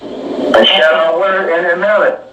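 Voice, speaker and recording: A man's voice: high voice, fairly even intonation, measured pace, echoey room, over a noisy crowd. Blunt reassuring man, dull distant recording.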